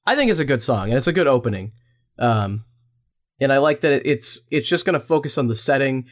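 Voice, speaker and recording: A man's voice: medium pitch, animated, fairly quick. A man co-hosting a casual podcast about musicals, easygoing and a bit hesitant, dropping dry quips. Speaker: podcast co-host. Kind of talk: casual chat.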